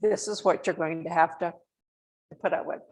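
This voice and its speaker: A woman's voice: lowish voice, fairly even intonation, normal speed, a little hiss or hum, poor audio. An older woman, a nurse, telling families stories from her own life and acting out the dialogue. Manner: warm anecdotal, acts out dialogue. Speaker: nurse and dementia specialist. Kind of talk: storytelling talk to families.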